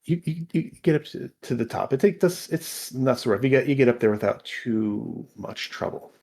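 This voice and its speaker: A man's voice: medium pitch, normal speed, creaky, a little mellow, slightly rough. A man narrating a tabletop game as game master, rambling with frequent restarts. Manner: rambling, many restarts and fillers.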